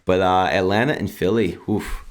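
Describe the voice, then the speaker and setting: A man co-hosting a casual sports podcast, ranting in an animated, exasperated way with big jumps in pitch. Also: moderate pace. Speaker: podcast co-host.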